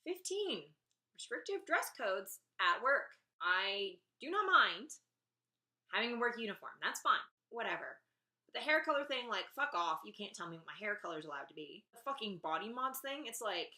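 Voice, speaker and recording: A woman's voice: mid-range voice, very animated, moderate pace, pushed and bright. A young woman vlogging a casual rant, exasperated and sarcastic, swearing freely.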